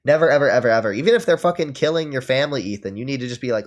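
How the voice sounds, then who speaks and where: A man's voice: mid-range voice, expressive, rapid-fire, few pauses. A man streaming, reacting to a podcast with casual, profane and sarcastic commentary, full of fillers.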